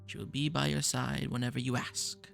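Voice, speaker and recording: A man's voice: medium pitch, level tone, moderate pace, creaky, a bit bright, faint music behind. A man playing a pompous grandiose old mage. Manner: pompous, theatrical, touchy. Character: grandiose eccentric male mage, game's creator.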